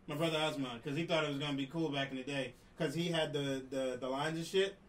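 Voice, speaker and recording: A man from New Jersey co-hosting a podcast, telling stories in a lively, animated way and acting out the people he quotes. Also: on the high side, fast talker, slight background noise. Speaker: podcast co-host. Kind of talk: casual chat, storytelling. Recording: roomy distant mic, faint ambience.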